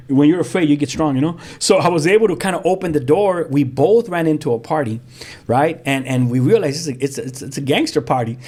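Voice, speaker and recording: A man, a pastor telling his own story as a guest in lively, vivid storytelling with street slang and sound effects. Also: a little high, brisk. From South Central Los Angeles. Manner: frequent restarts, street slang. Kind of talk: animated storytelling.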